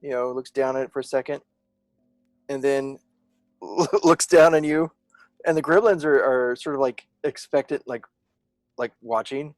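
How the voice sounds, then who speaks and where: A man narrating as game master of a tabletop game, often pausing and restarting as he searches for words. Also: medium pitch, dry recording.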